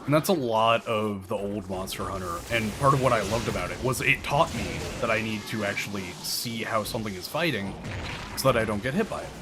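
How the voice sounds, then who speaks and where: A man with a lowish voice talks fairly quickly while streaming a game. He chats casually with viewers, explains tactics, and swears now and then, with game music behind him.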